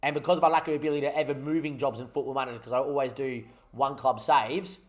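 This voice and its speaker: A man's voice: medium pitch, steady tone, fast. A young man giving frustrated, rambling commentary over his own gameplay, swearing often. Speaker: gaming YouTuber.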